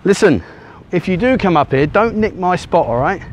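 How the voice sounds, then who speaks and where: On a sunny beach, a male travel vlogger with a high, lively voice talks at normal speed into a handheld camera he turns around as he walks. His casual vlog chatter wanders, full of ums and uhs, and he's a bit out of breath from trudging through sand. Slight background noise is audible.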